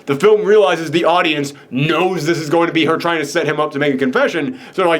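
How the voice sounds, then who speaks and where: A young man co-hosting a casual film chat, animated and excited, acting out characters' lines as he talks. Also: fairly high pitch, fast talker. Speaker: podcast co-host reviewing a film.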